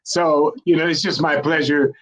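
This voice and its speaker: An older man talking in a warm, rambling, praising way during a casual chat. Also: a little high, fairly even intonation, normal speed. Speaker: guest. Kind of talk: casual video-call chat. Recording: muffled lo-fi call audio.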